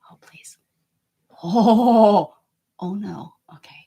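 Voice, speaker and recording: A woman hosting a casual art livestream from home, chatty and self-mocking, laughing often and muttering softly to herself as she works. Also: mid-range voice, extremely slow, creaky, slightly rough. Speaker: art channel host.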